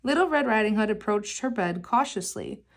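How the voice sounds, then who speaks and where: A woman reading a children's picture book aloud in a gentle, measured storytelling manner. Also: mid-range voice, expressive.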